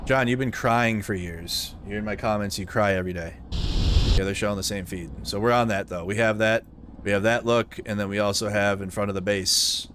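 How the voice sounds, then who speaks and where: A man's voice: on the low side, steady tone, a little fast, fairly bright tone, slight background noise. A man hosting a live news commentary stream, talking bluntly and with profanity. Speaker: livestream news host.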